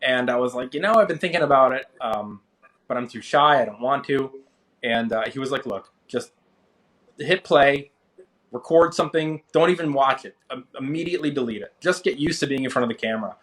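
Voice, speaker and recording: Guest: thirties man, casual storyteller, lively when quoting others. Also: fairly quick. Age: 30s. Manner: animated, acts out quoted people with rising pitch. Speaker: interview guest, finance creator.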